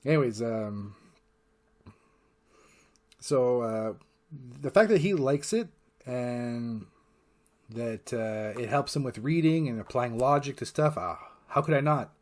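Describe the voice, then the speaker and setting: A man's voice: medium pitch, slow pace, pauses often, darkish tone. A man hosting his own channel, rambling casually and swearing freely, with frequent fillers and restarts. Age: adult parent. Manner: rambling and profane, heavy with fillers. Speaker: channel host. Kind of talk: casual rambling vlog monologue.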